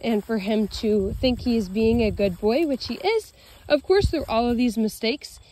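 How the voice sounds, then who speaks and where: A woman dog trainer explaining leash walking while praising her dog in a bright, high voice outdoors. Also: normal speed, slight background noise. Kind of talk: narrating a leash-training demo.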